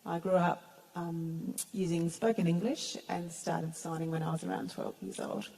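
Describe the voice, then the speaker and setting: A woman's voice: fairly low pitch, fairly even intonation, moderate pace, warm tone, a little hiss or hum, rough recording. A woman interpreting for panelists in a plain, matter-of-fact way. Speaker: sign language interpreter voicing panelists. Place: main stage at a museum, before an audience.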